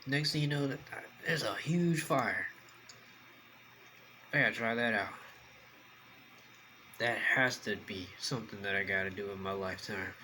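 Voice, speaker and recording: A man's voice: on the low side, measured pace, pauses often, background noise. A young man, chatting casually to the camera while he eats, rambling and talking with food in his mouth. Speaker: mukbang vlogger.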